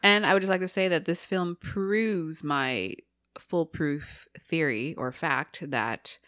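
Bright-voiced woman in casual podcast chat. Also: low-pitched, slow, dry recording, clean studio sound. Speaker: podcast co-host.

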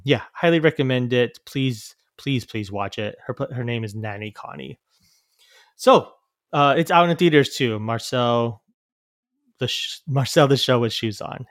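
A man hosting a podcast, rambling through a film review in loose, halting sentences full of "um" and restarts. His voice sits in a middle range and is recorded dry and close, with no room echo. It sounds like relaxed, unscripted talk. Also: medium pitch. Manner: rambling, many fillers and restarts. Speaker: podcast host. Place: live venue recording.

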